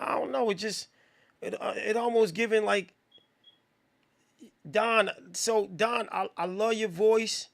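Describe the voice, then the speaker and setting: A man hosting a live music review stream, talking in a slangy, profane, rambling way and giving shout-outs to viewers. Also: sits high, unhurried, creaky. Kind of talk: casual live-stream commentary.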